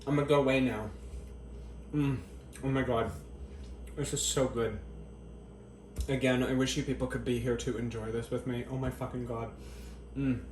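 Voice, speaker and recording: A man's voice: medium pitch, steady tone, moderate pace, long pauses, a little mellow, slight background noise. A man with a mid-range voice runs a casual cooking vlog from his home kitchen, cracking crude, profane jokes straight to the camera. He keeps stopping to taste the food and murmur over it, and the hard kitchen walls give his voice an echo. Dishes and cutlery clink faintly behind him. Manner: tasting food between lines with appreciative murmurs. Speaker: cooking vlogger. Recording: echoey kitchen.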